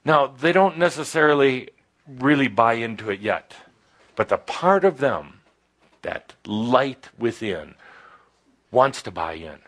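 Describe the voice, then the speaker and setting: A man giving a channeled spiritual talk to a live audience indoors, halting and full of pauses and fillers, with playful asides. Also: medium pitch, lively intonation, fairly bright tone. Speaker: spiritual teacher channeling a guide.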